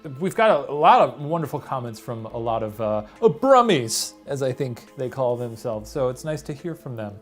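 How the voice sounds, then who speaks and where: A man's voice: mid-range voice, very animated, normal speed, hardly any pauses, soft background music. A man in his thirties co-hosting a show, reading viewer comments with dry, wry humor. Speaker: co-host.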